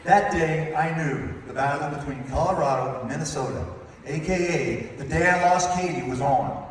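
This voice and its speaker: Still the same wedding toast: his voice is on the high side and moves at a moderate pace as he teases the couple, does voices, and spins funny stories. The large hall echoes, the mic is far off, and room noise carries through.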